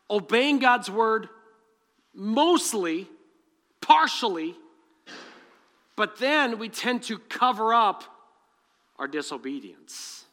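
A man preaching a sermon as pastor, animated, mixing scripture reading with humorous asides. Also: high-pitched, long reverb tail. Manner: reads scripture aloud and acts out the dialogue.

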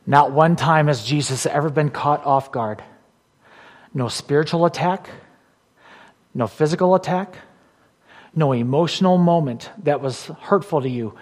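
A man preaching a sermon as pastor. He talks emphatically, repeats key phrases, and swings from loud declarations to hushed, intimate asides. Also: on the high side, breathy edge, in a large hall.

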